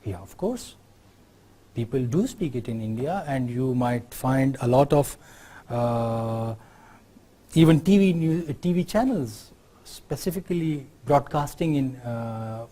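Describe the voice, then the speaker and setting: A man's voice: mid-range voice, lively intonation, measured pace, mellow. A man from Pakistan with a Pakistani accent, giving a university lecture in an explanatory way and often checking in with the class through tag questions.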